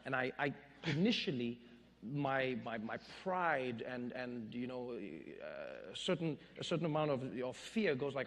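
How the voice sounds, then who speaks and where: A man in his thirties, an interview guest telling stories on stage, animated and laughing as he acts out quotes. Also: medium pitch, normal speed, in a large hall. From South Africa. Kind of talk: storytelling in a public interview. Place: stage in an event hall.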